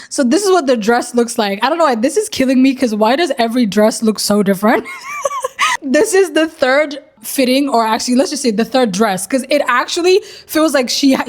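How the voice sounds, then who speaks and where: A young woman casually retelling a story in slangy, animated commentary, swearing and laughing as she goes. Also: sits high. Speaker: commentary creator.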